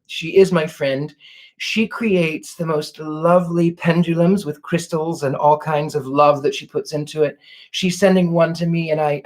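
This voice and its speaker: A man, a psychic, hosting a live question-and-answer chat in a genteel, effusive way. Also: on the high side.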